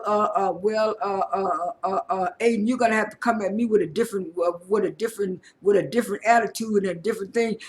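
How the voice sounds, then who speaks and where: A man casually recapping a reality show episode, talking in a halting way with many fillers and repeated words. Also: high voice, fairly bright tone.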